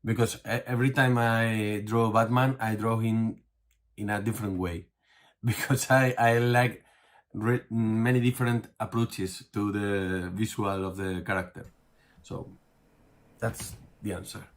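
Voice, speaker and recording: A man, a comic book artist, answering an interview question in a hesitant, halting way with many fillers and restarts. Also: on the low side, steady tone.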